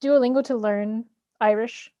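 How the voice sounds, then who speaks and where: A woman hosting an interview, a former language teacher, talking in a rambling way with halting restarts. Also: on the high side, steady tone, dark tone, muffled recording. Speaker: host, former Spanish teacher. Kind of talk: casual interview chat.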